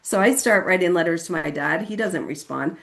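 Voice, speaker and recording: With a gravelly, slightly bright voice and a fairly quick pace, a woman from California describes her recovery at a meeting. She chats casually, often saying "like" and "you know what I mean," and acts out other people's words in a sudden high voice.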